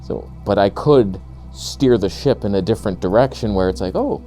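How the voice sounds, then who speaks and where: A man ranting sarcastically in a comedic vlog, outdoors on a lavalier mic, jumping between high mocking voices and low grumbles. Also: normal speed, warm tone, soft background music. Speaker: camera vlogger.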